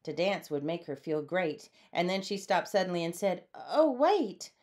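A woman reading a storybook aloud in a lively way, changing her voice for the characters. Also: lowish voice, normal speed. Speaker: storybook reader. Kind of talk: read-aloud storybook narration.

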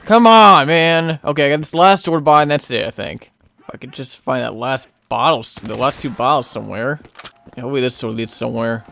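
A young man hosting his gaming channel, giving casual play-by-play commentary and getting excitable, yelling in frustration when things go wrong. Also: mid-range voice, creaky.

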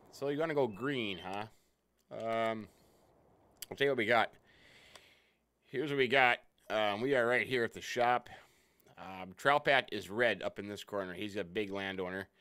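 Animated man streaming a farm game. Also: lowish voice. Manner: chatty, greets viewers by name. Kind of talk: casual let's-play commentary.

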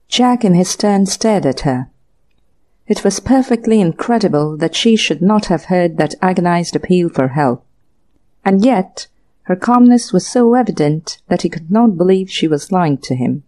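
A woman reads a classic short story aloud in a measured, even storytelling pace. Her voice is mellow and warm. It has the scripted narration of an audiobook. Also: fairly low pitch.

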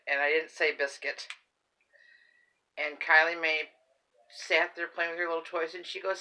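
Chatty, rambling grandmother, bright voice. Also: sits low, level tone, normal speed, low-quality recording. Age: older. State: tired. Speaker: haul vlogger. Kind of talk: casual chat.

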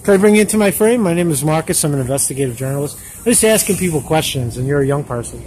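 A man's voice: a little high, expressive, rapid-fire, poor audio. Chatty joking man interviewing on a street. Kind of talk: casual vlog street interview. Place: busy street outdoors. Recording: loud street traffic noise.

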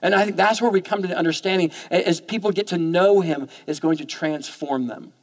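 A man preaching a sermon in church, talking fast and often repeating words as he goes. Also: high voice. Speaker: pastor.

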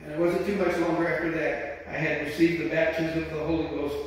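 An older male pastor preaches with a high, lifted voice, stopping often to praise God as he tells his testimony. He sounds distant from the mic, and a long, booming echo fills the hall around him. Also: little pitch movement, fairly quick. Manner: testifying, repeats praise phrases. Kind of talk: sermon. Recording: echoey hall from far off.

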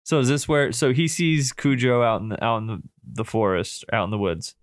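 A man's voice: mid-range voice, lively intonation, fairly quick, dry recording, clean studio sound. Laid-back man co-hosting a podcast. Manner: laid-back, agreeable, rambling. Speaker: podcast co-host. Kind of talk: casual chat, film review.

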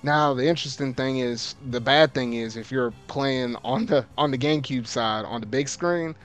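A man hosting a let's play of a video game, grumbling in casual slang and breaking into loud, exasperated outbursts as the battle turns against him. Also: medium pitch, moderate pace, clear, resonant tone, faint music behind. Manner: casual slang, repeats himself. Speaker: gaming video host.

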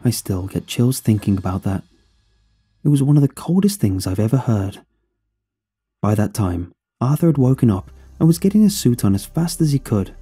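A man reading a horror story aloud in a somber, measured storytelling manner. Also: mid-range voice, very animated, dark tone, slightly rough, faint music behind. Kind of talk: scripted horror narration.

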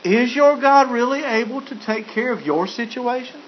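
A man's voice: very high voice, moderate pace, few pauses, slightly rough. A man preaching a sermon as pastor, joking and chuckling, with frequent restarts. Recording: dull lo-fi recording.

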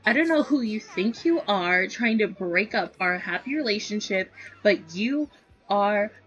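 A woman's voice: medium pitch, animated, unhurried, a bit bright. Sassy jealous girlfriend, as a woman voices her. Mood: scolding. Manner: sassy, scolding. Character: jealous young woman confronting a rival. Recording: slightly dull lo-fi sound.

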